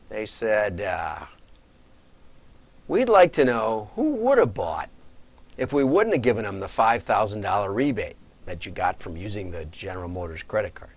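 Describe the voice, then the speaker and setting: A man's voice: lowish voice, gravelly. A middle-aged man, a data marketing consultant, casually telling rambling stories on a livestream, chuckling and correcting himself as he goes.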